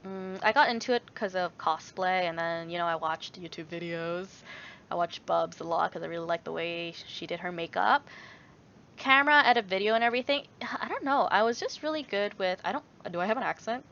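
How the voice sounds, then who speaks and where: A woman's voice: fairly low pitch, lively intonation, fairly quick, fairly bright tone, highs cut off. Rambling young woman in a casual vlog chat. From Canada. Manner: rambling, many fillers and restarts, laughs often. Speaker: YouTuber answering viewer questions.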